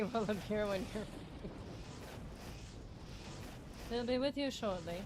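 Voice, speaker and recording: A woman's voice: medium pitch, extremely slow, pauses often, a little mellow, a little hiss or hum. A woman livestreaming a video game, chatting with her viewers in a giggly, rambling and playful way, teasing them and her partner. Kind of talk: casual gaming livestream chat.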